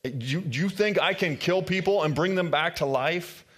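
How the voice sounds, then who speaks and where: A man's voice: medium pitch, lively intonation, normal speed, husky. A man playing an indignant ancient king, a military man, firing off incredulous questions during a sermon retelling.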